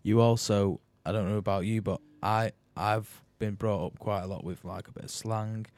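A laid-back man, slangy and easygoing in casual chat. His voice is a little low. The sound is dry and close. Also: fairly even intonation, normal speed, darkish tone, no echo. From Manchester, England. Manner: easygoing, slangy, hesitant restarts.

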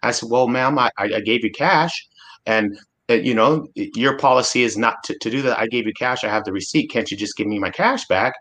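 A man's voice: medium pitch, fairly quick, fairly bright tone. A man in his forties from Alaska, a guest speaking earnestly and emphatically in a casual discussion, often restarting his sentences. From Alaska, USA.

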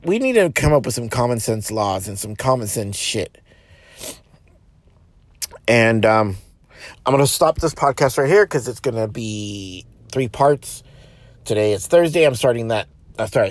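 A man's voice: medium pitch, dry recording. A man hosting a casual solo podcast, talking bluntly and swearing a lot while he drives. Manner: blunt, profane and ranting. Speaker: podcast host. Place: in a car while driving. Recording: road noise from a moving car. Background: car and street noise.

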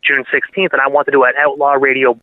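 Excitable man on a tinny phone line. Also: medium pitch, fast talker, dry recording. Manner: excitable, rambling, restarts and laughs. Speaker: radio DJ and podcast guest. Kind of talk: casual storytelling interview. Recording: dry phone-like audio.

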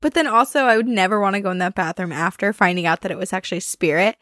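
A young woman chats as a podcast co-host, quick to react and playfully expressive. Her voice sits in the middle range and sounds dry, with no room echo. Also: mid-range voice. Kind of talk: casual chat.

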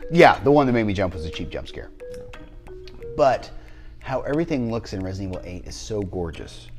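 Low-voiced rambling man, casual chat. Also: sing-song, a little fast, a little mellow, faint music behind. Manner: rambling, many fillers and restarts. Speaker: podcast co-host.

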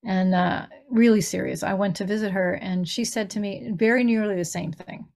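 A woman's voice: medium pitch, fairly even intonation, normal speed, darkish tone. Middle-aged woman, grief minister, earnest storyteller who acts out quotes, conversational. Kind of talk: conversational podcast interview.

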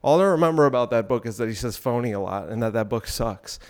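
A man's voice: mid-range voice, expressive, fast, darkish tone. A man hosting a solo podcast, rambling in a provocative, irreverent way while out of breath from exercise. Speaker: podcast host.

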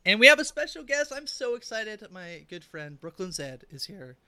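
Male podcast host, casual, lots of fillers and restarts, very bright and dry. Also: high voice, big pitch swings, moderate pace, no echo. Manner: chatty, many fillers and restarts.

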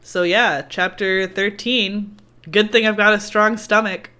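A woman co-hosting a podcast, recapping a book in casual chat, ranting and swearing and slipping into quick voices for the characters. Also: mid-range voice, steady tone, pushed and bright, smooth. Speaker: podcast co-host.

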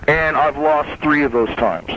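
A man's voice: a little high, unhurried, a bit bright. A man telling a long, heated story in casual chat, profane and rambling, often restarting his sentences. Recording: dull lo-fi sound.

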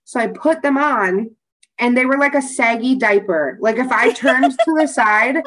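Animated young woman telling stories, high voice. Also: a little slow, poor audio. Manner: rambling, animated storytelling with frequent swearing and laughter. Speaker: podcast co-host. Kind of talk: casual chat.

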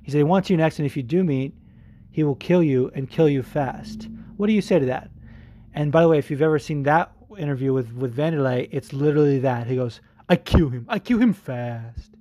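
A man's voice: on the high side, a little fast, dark tone. A man hosting a podcast in casual chat, rambling with lots of fillers and swearing. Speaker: podcast host.

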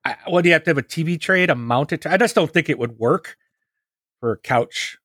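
A man co-hosting a podcast who rambles through his points with halting restarts. His voice is a bit high, and the recording is dry and close. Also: lively intonation, a bit bright, no room sound. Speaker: podcast co-host. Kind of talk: casual podcast chat.

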